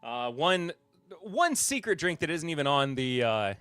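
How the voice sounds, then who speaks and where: A man's voice: a little high, sing-song, a little slow, fairly bright tone, clean tone, dry recording. A man in his thirties from the Southern United States, hosting a casual livestream podcast and rambling with lots of fillers and restarts. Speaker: podcast host.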